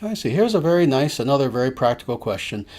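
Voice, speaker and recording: A man speaking as a spiritual teacher, answering listeners' questions in a slow, emphatic way with soft filler sounds. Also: mid-range voice, big pitch swings.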